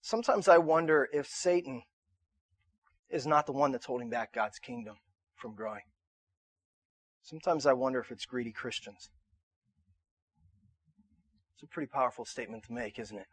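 A male pastor in his thirties preaching a conversational sermon to a room, repeating himself and rising to shouts in his stories. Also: mid-range voice, moderate pace, pauses often, slightly rough, dry recording. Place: church auditorium.

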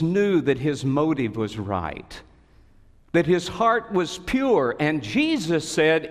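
A man preaching a sermon as a pastor, telling a story with expressive swings and sudden high cries. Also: slow. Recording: long reverb of a large hall.

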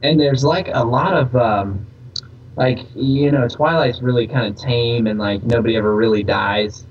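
A man's voice: mid-range voice, normal speed, breathy edge, far from the mic, highs cut off. A man co-hosting a podcast, chatting enthusiastically and loosely with lots of fillers. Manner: enthusiastic, laid-back, hesitant with fillers. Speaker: podcast co-host. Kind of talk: casual chat.

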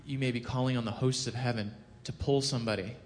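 A man giving a casual sermon, telling a scripture story with lively acted-out quotes and frequent self-corrections. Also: fast. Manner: animated storytelling, acts out quotes with rising pitch and volume; self-corrects, chuckles at own jokes. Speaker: preacher. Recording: long hall reverb.

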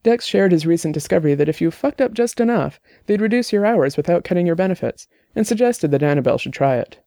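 A man's voice: high-pitched, expressive, quick pace, vocal fry, mellow, no echo, clean studio sound. A man narrating a novel in a podcast, reading steadily and evenly. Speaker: audiobook narrator.

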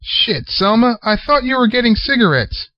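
A man's voice: extremely high pitch, big pitch swings, normal speed, no room sound, voice pushed up. A man putting on a brash, exasperated aunt. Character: brash woman aunt who smokes. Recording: dull lo-fi sound.

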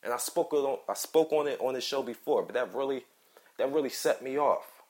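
Guy ranting hard on his own show, cussing and repeating himself, mid-pitched voice. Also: fairly quick, darkish tone. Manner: heated, profane, repetitive ranting. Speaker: podcast host. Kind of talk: angry solo commentary.

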